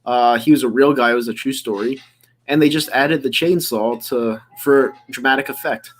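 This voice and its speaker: A man's voice: mid-range voice, moderate pace, a little hiss or hum. A man hosting a live stream, chatting casually and rambling with easy laughs. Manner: laid-back, rambling, laughs easily. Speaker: stream host.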